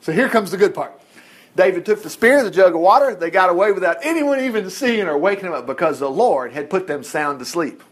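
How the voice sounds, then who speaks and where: A man with a high-sitting voice talks fairly quickly as he teaches a Bible story informally. He's animated, acting out the characters' voices, joking, and chuckling along the way.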